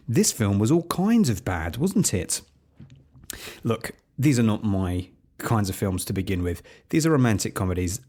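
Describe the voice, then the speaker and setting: Wry, low-voiced male film reviewer. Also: sing-song, moderate pace, a little mellow. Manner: wry, opinionated, sarcastic asides. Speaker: podcast host reviewing films. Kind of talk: solo film review commentary.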